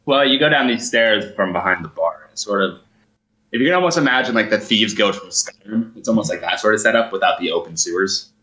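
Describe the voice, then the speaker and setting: A man's voice: fairly low pitch, lively intonation, a little fast, sharp tone, low-quality recording. A man narrating as game master of a tabletop role-playing game, rambling and hedging as he describes scenes.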